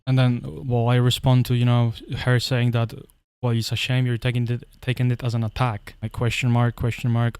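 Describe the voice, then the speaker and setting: A man's voice: mid-range voice, darkish tone, clear, resonant tone, dry recording. A man telling a story in a casual, profane rant, rambling and often restarting his sentences. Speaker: commentary vlogger.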